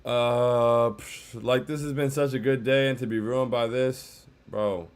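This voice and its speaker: A man's voice: medium pitch, steady tone, measured pace, clear, resonant tone. A man hosting a casual postgame livestream, sounding dejected, saying "bro" a lot and reading chat comments aloud. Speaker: livestream host.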